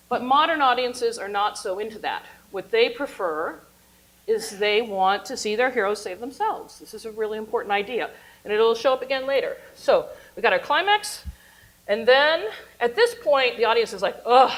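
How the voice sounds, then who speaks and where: Animated woman teaching a storytelling class. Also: fairly high pitch, poor audio. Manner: animated, playful, laughs at her own jokes, cheers and boos along with the story. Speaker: university teacher giving a workshop class. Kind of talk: lively lecture with storytelling.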